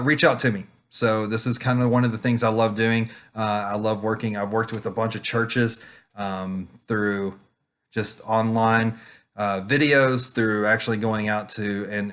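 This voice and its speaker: Man giving a rambling webcam talk. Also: on the low side. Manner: rambling, filler-heavy, calm. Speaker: children's ministry puppeteer. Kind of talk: casual online conference talk.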